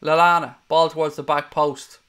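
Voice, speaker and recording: Host: man, fairly high voice, fiery, profane match caller. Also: little pitch movement, fairly bright tone, clear, resonant tone. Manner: heated, sweary, rapid play-by-play. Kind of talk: live match watchalong commentary.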